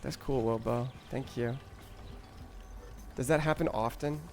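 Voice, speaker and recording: A man's voice: mid-range voice, unhurried, a little mellow, faint music behind. A man streaming a game, rambling and joking with chat in crude casual talk, often stammering.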